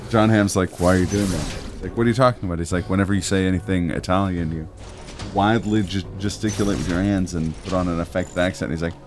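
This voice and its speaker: A man co-hosting a game livestream, chatting casually and retelling comedy bits with quick jokes. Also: low-pitched, faint music behind. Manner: animated storytelling, quick jokes and laughter. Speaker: livestream co-host. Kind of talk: casual chat while streaming a game.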